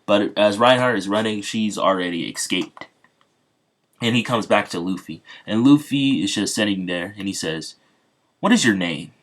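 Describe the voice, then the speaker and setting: Deep-voiced man, casual story retelling, rambling, lots of ums. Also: normal speed, a bit bright. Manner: rambling, many fillers.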